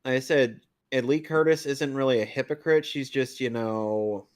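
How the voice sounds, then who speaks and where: A man's voice: mid-range voice, fairly even intonation, moderate pace, clean tone. A man co-hosting a casual movie chat, blunt and opinionated, swearing casually. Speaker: podcast co-host.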